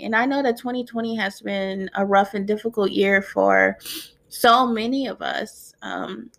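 Tearful creaky-voiced young woman podcaster. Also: medium pitch, big pitch swings, measured pace. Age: 20s. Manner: emotional, heartfelt, soft-spoken with frequent ums. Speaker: podcast host. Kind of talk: personal podcast monologue.

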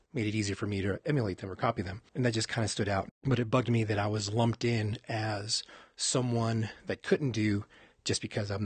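A man from Texas talks through his memories in a casual podcast conversation, pausing and restarting as he thinks. His voice sits low and slightly husky, and the close recording is dry with no room sound. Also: dry recording. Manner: reflective, halting, with frequent restarts. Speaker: podcast guest. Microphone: close mic on his own end.

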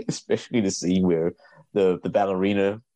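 A man guesting as a film critic on a podcast, talking in a halting way, searching for words and laughing often. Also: sits low, steady tone, mellow, dry recording. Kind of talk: casual film chat.

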